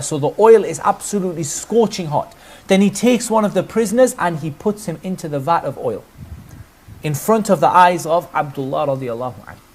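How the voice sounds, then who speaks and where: With a high voice of darkish tone, this man preaches as an Islamic preacher, narrating a religious story earnestly and putting rhetorical questions to those listening.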